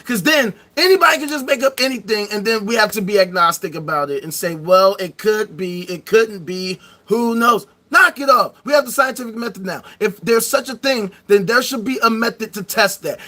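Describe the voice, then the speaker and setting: Brief: male live-stream host, high bright voice, profane mocking rant with bursts of shouting. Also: expressive, fast, hardly any pauses. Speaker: streamer hosting a live debate show.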